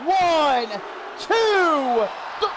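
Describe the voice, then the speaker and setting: A man calling a wrestling match play by play, getting excited and shouting at the big moments. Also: very high voice, drawn-out words. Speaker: wrestling commentator. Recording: loud crowd and noise behind. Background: cheering crowd.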